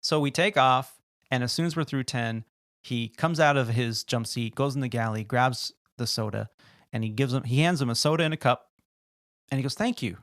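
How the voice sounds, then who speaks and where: A man, a podcast host, telling animated work stories in casual chat and acting out the people in them. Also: medium pitch, normal speed, dry recording, studio quality. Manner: animated, acts out quoted people in his stories. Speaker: podcast host and flight attendant.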